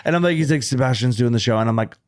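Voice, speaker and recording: Man telling animated stories. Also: mid-range voice, racing. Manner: animated storytelling, swearing, acting out quotes. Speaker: podcast guest comedian. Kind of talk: casual chat.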